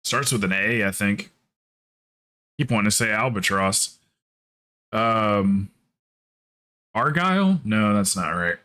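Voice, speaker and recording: A man's voice: lowish voice, slow pace, pauses often. A man streaming a game, chatting casually, rambling and cursing, with lots of laughs and mimicry. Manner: rambling and profane, with frequent laughs; animated, mimics others in quotes. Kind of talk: casual livestream chat while gaming.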